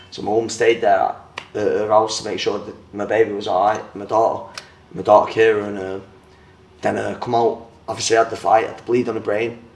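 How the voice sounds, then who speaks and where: A young man, a former boxer, telling his story in an interview, blunt and rambling, with plenty of swearing and fillers. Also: medium pitch. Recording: roomy, mic at a distance.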